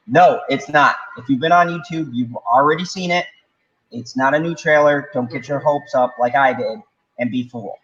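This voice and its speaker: A man's voice: mid-range voice, a bit bright, a little hiss or hum. Blunt, rambling man hosting a livestream. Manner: rambling, blunt, swears and laughs often. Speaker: livestream host. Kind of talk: casual ranting chat. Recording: dull lo-fi mic.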